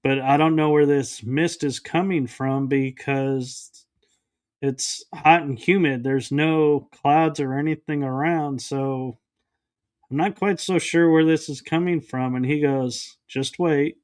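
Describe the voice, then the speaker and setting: Slow-spoken man telling a story. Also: a little high, steady tone, a little mellow. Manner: storytelling that acts out quoted dialogue. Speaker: guest, paranormal podcaster. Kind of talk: recounting a personal story in an interview.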